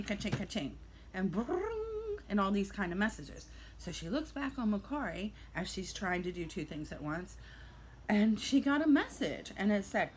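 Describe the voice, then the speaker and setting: A middle-aged woman spins a playful, animated storytelling vlog, her pitch rising and dipping widely. She narrates her own reseller doings as a fairytale. A faint hiss of background noise sits under her voice. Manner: playful, animated storyteller speaking of herself in third person. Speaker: reseller vlogger.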